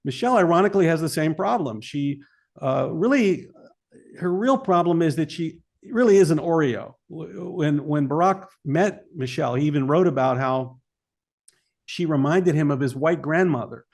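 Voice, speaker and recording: A man's voice: fairly high pitch, lively intonation, normal speed, a little mellow. A man speaking as a filmmaker guest in an interview, emphatic and argumentative. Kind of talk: interview talk.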